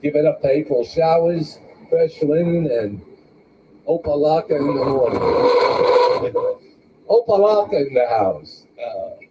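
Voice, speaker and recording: Older guy hosting comedy night, slow deadpan bits, sounds far off in a noisy room. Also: a little high. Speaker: open mic host. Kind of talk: stand-up comedy. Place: small club with a live audience. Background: audience laughter.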